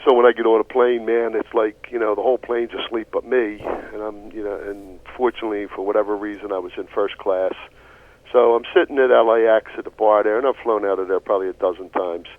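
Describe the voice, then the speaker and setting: A man telling a long, animated story on a radio talk show, swearing casually as he goes. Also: lowish voice, fairly quick, no room sound. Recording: tinny phone-like radio audio.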